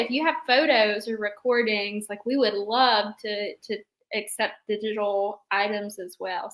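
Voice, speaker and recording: A woman's voice: mid-range voice, fairly bright tone, low-quality recording. A woman hosting and moderating a roundtable discussion over a video call, upbeat and chatty, with fillers. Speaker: host.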